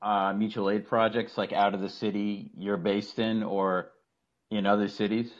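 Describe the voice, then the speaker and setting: A man's voice: fairly low pitch, little pitch movement, normal speed, highs cut off. A man from the Boston area with a Boston accent, chatting casually as a caller on a podcast and rambling with frequent restarts. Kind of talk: casual call-in podcast chat.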